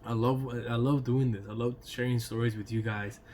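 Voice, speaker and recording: A man's voice: mid-range voice, steady tone, normal speed, darkish tone, a little hiss or hum. A man telling a casual storytime vlog, loose and chatty, laughing between lines, swearing now and then and dropping in "you know" and "right?". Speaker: YouTube storyteller.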